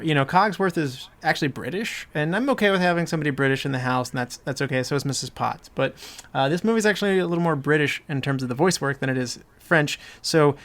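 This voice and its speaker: Gravelly man hosting a film chat. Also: fairly high pitch, fairly bright tone. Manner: rambling, many fillers and restarts. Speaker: podcast host. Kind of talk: casual movie discussion.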